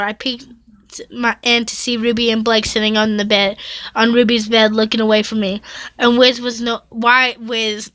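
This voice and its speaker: A woman YouTuber reads fan fiction aloud in a slightly high, sharp voice, with no echo. She often stumbles over words and corrects herself, breaking off to react with dramatic exclamations.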